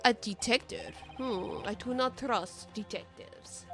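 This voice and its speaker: A woman's voice: fairly high pitch, slow pace, pushed and bright, faint music behind, full character voice. A woman voicing a secretive older man in a game, with a put-on Russian accent and a curt, suspicious way of talking. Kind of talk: reading game dialogue aloud.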